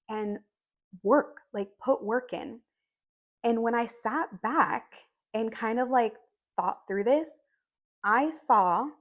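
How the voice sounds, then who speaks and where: Slow, earnest woman podcast host. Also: medium pitch. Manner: measured and earnest, speaks in short emphatic phrases. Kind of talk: reflective solo podcast monologue.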